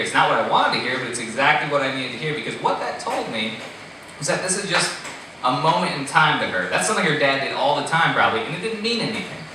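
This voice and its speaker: A man's voice: a little high, fast. Man telling a story in an echoey hall. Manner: animated, laughs at himself, swears freely, acts out his panic. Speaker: storyteller on stage. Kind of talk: live storytelling. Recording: echoey hall, distant mic, noisy.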